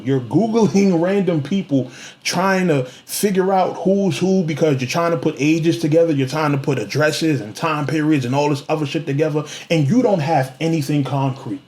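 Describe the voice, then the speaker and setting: A young man fires off a heated vlog rant, taunting and repeating himself to hammer each point home. His voice sits a little high for a man and swings widely in pitch. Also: darkish tone. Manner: confrontational, mocking, repeats himself for emphasis. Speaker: vlogger.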